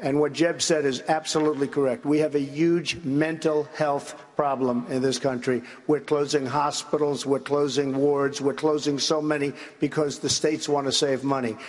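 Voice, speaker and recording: An older man with a somewhat high voice answers in a live presidential debate, speaking flatly at normal speed with few pauses and using blunt, repetitive, emphatic phrasing. The broadcast audio comes from a large, reverberant debate hall with an audience.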